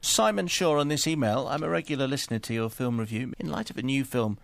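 A man's voice: medium pitch, fast talker, creaky, no echo. Dry teasing male radio presenter. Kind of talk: radio chat. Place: radio studio. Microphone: studio microphone.

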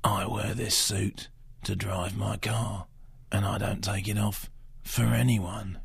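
A man doing an impression of a gruff, laconic male action star in a slow, low, clipped deadpan growl. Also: dry recording, heavily acted. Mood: deadpan tough.

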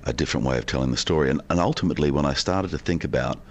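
A man being interviewed on radio from a hotel, telling long relaxed stories about his film work. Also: very deep voice, rapid-fire, muffled recording. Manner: relaxed, expansive storyteller. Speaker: film actor guest. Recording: down the line from a hotel.

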